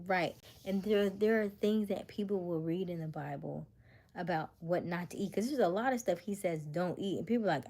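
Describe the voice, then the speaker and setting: A woman's voice: fairly low pitch, moderate pace, a little mellow, a little hiss or hum. A woman hosting a casual livestream, chatting and musing aloud and dropping to a near-whisper when she reads comments. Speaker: livestream host.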